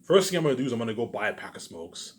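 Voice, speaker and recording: In a medium-pitched, sing-song voice, a channel host races through a rambling solo monologue to his viewers. He curses, speaks with grand emphasis, and keeps repeating "obviously" and "you know what I'm saying."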